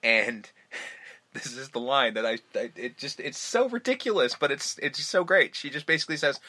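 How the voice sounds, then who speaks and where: A man's voice: medium pitch, normal speed, bright, forceful tone. A man hosting a casual film podcast, retelling movie scenes with lots of swearing. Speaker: podcast host.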